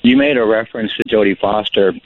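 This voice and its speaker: Guy calling in, lowish voice, rambles and ums a lot, tinny phone. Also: fast, a little hiss or hum. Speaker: caller. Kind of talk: call-in question.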